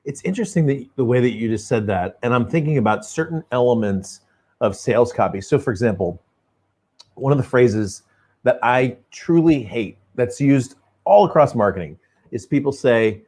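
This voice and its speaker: A man's voice: mid-range voice, animated, normal speed, a little mellow. A man hosting an interview, talking directly to viewers with emphatic points. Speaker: host. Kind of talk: interview conversation.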